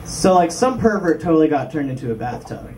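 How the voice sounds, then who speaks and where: Young male stand-up, higher voice, rambling and self-mocking; miked from a distance with club noise. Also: sing-song, a little fast, a little mellow. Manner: rambling self-deprecating jokes with frequent ums. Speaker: stand-up comedian. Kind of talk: stand-up set. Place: small club stage. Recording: distant mic with room noise.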